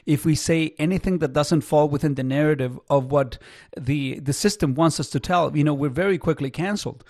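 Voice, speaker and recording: Male radio host, a bit higher voice, dry studio sound, earnest, halting delivery. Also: a little mellow, dry recording. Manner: earnest, halting, many fillers. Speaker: radio talk show host. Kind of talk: call-in talk radio. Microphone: studio microphone.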